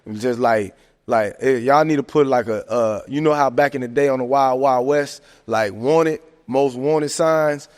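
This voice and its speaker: A man talking sports casually on a podcast, animated and joking, tossing in "man" and "hey, look" constantly. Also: medium pitch, unhurried. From American South. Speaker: podcast host. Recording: long hall reverb.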